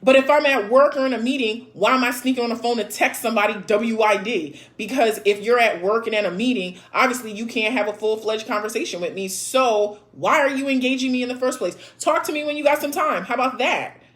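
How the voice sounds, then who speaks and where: A woman's voice: on the high side, fairly quick, few pauses. A woman in her thirties hosting a casual live chat, reading viewer comments aloud and answering in a blunt, sassy way, with frequent laughs and swearing.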